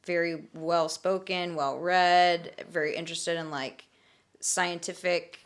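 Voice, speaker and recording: Chatty woman podcast co-host, lowish voice. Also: fairly even intonation, slow pace. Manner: chatty, rambling with many fillers. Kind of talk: casual chat.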